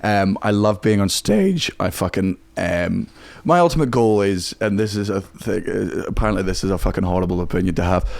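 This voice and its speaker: A man's voice: deep voice, creaky, a little mellow, dry recording. A Scottish comedian in his twenties talking bluntly and swearing freely in a podcast chat. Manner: blunt, rapid, heavy swearing. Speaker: guest comedian. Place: home studio.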